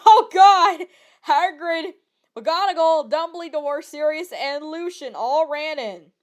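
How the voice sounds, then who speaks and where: A woman's voice: high voice, slow. A young woman doing a comedic dramatic reading of a bad fanfiction, giggling and adding exasperated asides, often stumbling over words. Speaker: online reader of bad fanfiction.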